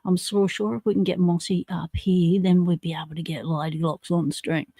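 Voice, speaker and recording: A woman's voice: on the low side, little pitch movement, brisk, mellow, breathy edge, dry recording. Chatty Australian woman, dry close sound. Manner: chatty and slangy, reading out viewer comments. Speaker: livestream host. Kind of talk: casual livestream chat.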